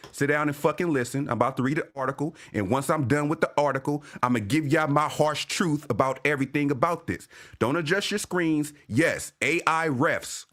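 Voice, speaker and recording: Casual fan-stream host, male, mid-pitched voice, swings high and low with excitement, heavy slang and cursing. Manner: animated, profane street slang, shouts out viewers. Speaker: sports fan show host. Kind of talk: casual livestream commentary.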